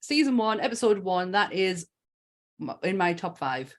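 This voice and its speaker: A woman's voice: fairly low pitch, very animated, normal speed. Enthusiastic woman podcast co-host. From North East England. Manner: enthusiastic, emphatic. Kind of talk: casual chat.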